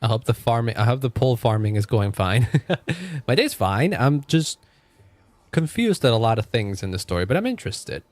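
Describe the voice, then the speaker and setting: A male streamer chats casually with his viewers while commenting on the game he's playing, reacting as he goes. His mid-range voice is sing-song at a normal speed, recorded dry, with faint game music behind him.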